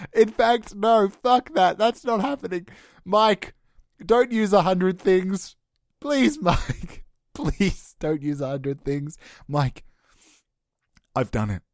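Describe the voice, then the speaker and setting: A man's voice: dry recording, clean studio sound. Melodramatic man improvising a comedy bit. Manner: melodramatic, swings between hushed mumbling and high mock-crying.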